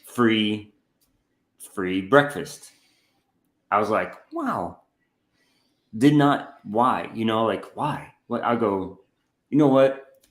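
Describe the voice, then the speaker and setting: A young man co-hosting a casual chat, telling a story with lively acted-out quotes. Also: takes it slowly, pauses often, roomy sound. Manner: animated storyteller who acts out quotes with a jumpy pitch. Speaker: podcast co-host.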